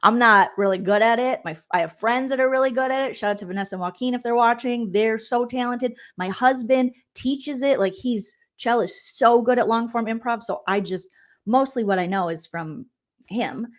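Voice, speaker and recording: A woman comedian hosting a casual reaction vlog, chatty and animated, full of asides. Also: on the high side, normal speed. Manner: chatty and animated, acts out quotes with lots of asides. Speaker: comedian and reality TV recap host.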